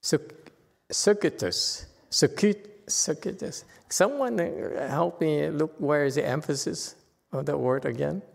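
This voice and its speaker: Male teacher, informal lecture, teasing manner; slow pace, recorded with long reverb. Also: on the high side, creaky. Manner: chatty, teasing, with frequent "okay?" asides. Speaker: Buddhist teacher lecturing on a sutra.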